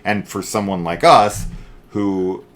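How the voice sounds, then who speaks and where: Male co-host, low and bright, animated and profane, casual review chat. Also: takes it slowly. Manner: animated and profane, ranting, mimics scenes loudly. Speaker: co-host of a horror film review channel.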